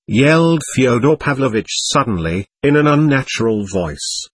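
Male narrator for a classic novel, husky voice, lively pitch, dry close sound. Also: normal speed, few pauses, dry recording. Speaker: audiobook reader. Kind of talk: scripted narration.

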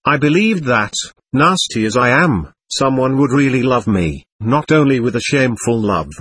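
A man's voice: medium pitch, expressive, moderate pace, fairly bright tone, slightly rough, no room sound. A man voicing a passionate, distraught young woman in a storybook reading, with a pleading, overwrought delivery. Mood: heartfelt.

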